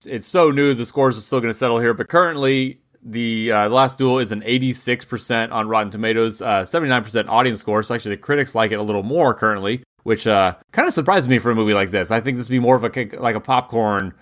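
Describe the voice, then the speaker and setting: A man of middle pitch chatting casually about films as a podcast co-host. He rambles and restarts his sentences, breaking into quick laughs along the way. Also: a bit bright. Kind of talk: casual film discussion.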